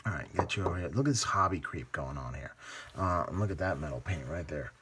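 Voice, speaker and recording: Talking fast with lively intonation, a low-pitched man hosts a hobby painting video amid background noise. His casual commentary is mostly muttered to himself as he works, frequently trailing off into mumbles and whispers.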